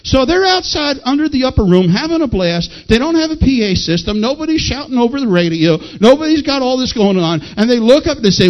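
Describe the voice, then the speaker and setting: High-voiced man preaching a lively sermon. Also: brisk, few pauses. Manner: folksy, animated preaching with shouted peaks. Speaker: pastor. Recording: dull lo-fi sound.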